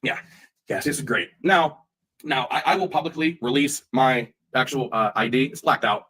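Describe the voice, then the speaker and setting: A man's voice: medium pitch, moderate pace, fairly bright tone, rough recording. A man streaming live, ranting heatedly in profane language and often repeating himself.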